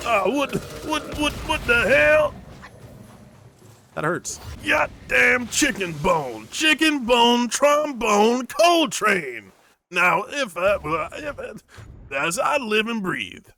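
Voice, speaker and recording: A man's voice: extremely high pitch, big pitch swings, takes it slowly, gravelly, sharp tone, a little hiss or hum, pitched above the performer's own voice, full character voice. A man voicing an overjoyed old-timey man who stammers and squeals as he reunites with a friend. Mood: shrill delight.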